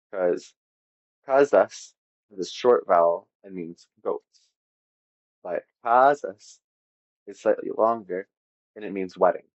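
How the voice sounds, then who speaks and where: A man's voice: deep voice, dry recording, dull audio. A man narrating an informal lesson on linguistics, casual and self-deprecating with offhand asides. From half Latvian. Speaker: educational video host.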